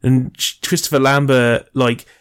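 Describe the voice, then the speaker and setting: Male co-host, casual and sweary, rambles through movie trivia, mid-pitched voice. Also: flat delivery, unhurried, smooth. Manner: rambling, sweary, enthusiastic about film trivia. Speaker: podcast co-host. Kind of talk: casual chat.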